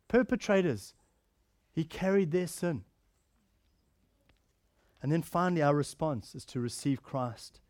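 A man preaching a sermon, swinging between emphatic raised lines and soft, quiet passages. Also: fairly high pitch, no echo, clean studio sound. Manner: earnest preaching, rising to emphatic then dropping soft and quiet.

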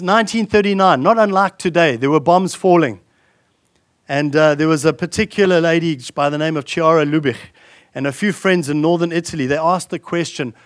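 A man delivers a sermon with a somewhat high voice. He builds earnest, emphatic repetitions, then sinks soft and slow on solemn points. The sound is close and dry, with little room around it. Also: dry recording. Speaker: pastor.

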